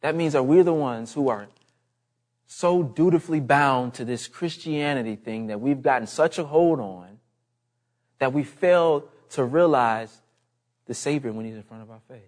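A man's voice: medium pitch, expressive, measured pace, long pauses, darkish tone. A man preaching a sermon in an earnest, emphatic way, repeating his key phrases.

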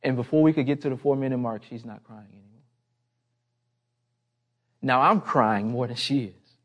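Man, pastor, sermon, conversational storytelling, impassioned. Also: normal speed. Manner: impassioned, rising in pitch and volume toward the end; personal storytelling, conversational asides.

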